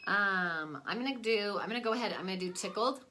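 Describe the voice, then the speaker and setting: A woman's voice: medium pitch, animated, a little fast, sharp tone, a little hiss or hum. A young adult woman chatting casually in a makeup vlog at home, rambling with lots of fillers. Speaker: vlogger. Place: at home, away from her desk.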